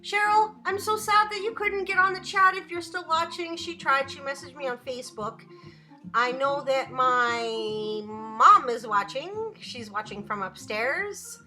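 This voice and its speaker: A woman's voice: high-pitched, unhurried, pushed and bright, faint music behind. A young woman chatting casually on a home live stream, giggly and rambling as she reads the chat.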